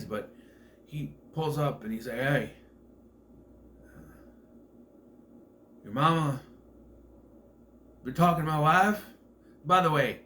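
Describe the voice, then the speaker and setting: A man's voice: a little high, a bit bright, slight background noise. A man giving a casual, rambling film commentary, full of fillers and restarts. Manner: rambling, filler-heavy, self-correcting. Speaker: film reviewer.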